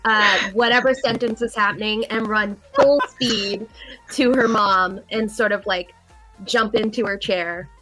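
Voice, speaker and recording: Woman player, slow and bright-toned, giggly. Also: mid-range voice, steady tone, faint music behind. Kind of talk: casual play narration.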